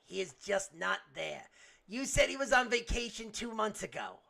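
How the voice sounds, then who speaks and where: A man's voice: high voice, expressive, normal speed, gravelly, bright, forceful tone. A man co-hosting a podcast, trading crude improvised comedy banter in a stammering, rambling, profane way. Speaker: podcast co-host.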